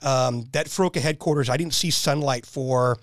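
A man telling animated stories in a casual chat and laughing at his own jokes. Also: medium pitch, normal speed, dry recording, clean studio sound.

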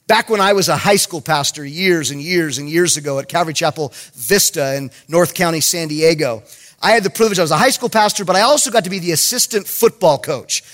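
A middle-aged man preaches a sermon in a high, bright voice. He tells stories with energy, acting out bits of dialogue and pressing his points hard. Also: a little fast. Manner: animated storytelling, acts out dialogue, emphatic. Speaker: pastor.

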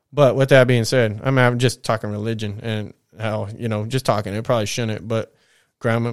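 A man's voice: medium pitch, clean tone, no echo, studio quality. A young man telling a personal story in a rambling, profane, fired-up way, as a podcast host. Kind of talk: casual storytelling monologue.

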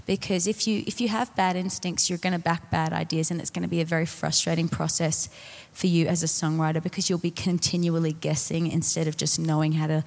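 A woman's voice: deep voice, flat delivery, a little fast, vocal fry, few pauses, darkish tone. A woman speaking casually on a songwriting panel, rambling with many fillers and laughing at herself. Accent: non-American (commented on). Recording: long hall reverb.

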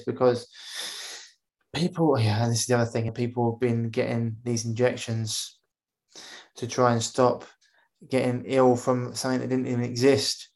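A man hosts a casual podcast chat at a middle pitch. He rambles on in animated bursts, breaking off to act out other people's voices before he picks the thread back up. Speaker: podcast host. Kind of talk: casual conversational interview.

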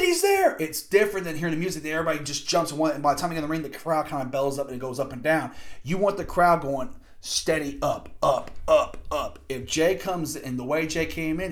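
A man giving a casual, excitable and profane play-by-play review of a wrestling event. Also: a little high. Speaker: wrestling podcast host.

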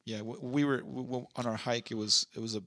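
Gravelly, bright-toned male podcast co-host. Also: medium pitch, steady tone, brisk, dry recording, studio quality. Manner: rambling, stumbling restarts. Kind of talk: casual chat.

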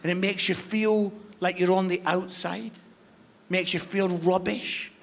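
A man preaching a passionate sermon as a guest speaker, dropping to near-whispers and then rising to shouts. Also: high voice, level tone, measured pace, vocal fry, slight background noise. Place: church service.

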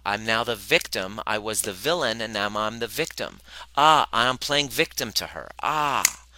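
A man with a low voice and a sharp, tense edge, teaching a live workshop. He is animated and swears freely, acting out the voices of the people he quotes. The sound is dry, with no room echo. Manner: speaks directly to the audience. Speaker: relationship coach.

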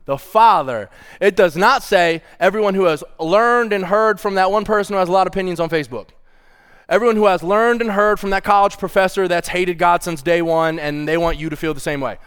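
Animated man preaching a sermon. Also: high voice, brisk, clear, resonant tone. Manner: animated, playful, reads scripture with feeling and chuckles. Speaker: pastor.

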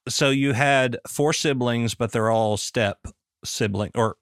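A man's voice: mid-range voice, takes it slowly, smooth, dry recording, clean studio sound. A man with a Southern American accent hosting a podcast, asking easygoing questions in casual chat. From Southern United States. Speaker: podcast host.

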